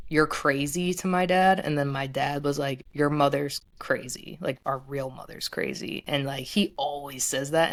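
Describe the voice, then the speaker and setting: A young woman in her twenties casually retelling a personal story, full of "like" fillers. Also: sits low. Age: 20s. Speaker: guest.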